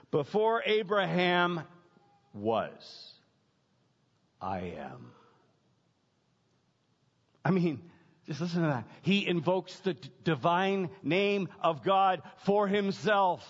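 A man preaching a sermon as pastor, emphatic, building points through repetition and dramatic pauses. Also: high-pitched, fairly bright tone. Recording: dull lo-fi sound with long hall reverb.

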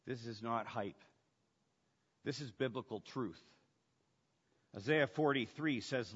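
A man preaching a sermon, shifting between hushed, intimate lines and loud, emphatic ones. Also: mid-range voice, slow pace, pauses often, slightly rough. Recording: dull sound with long hall reverb.

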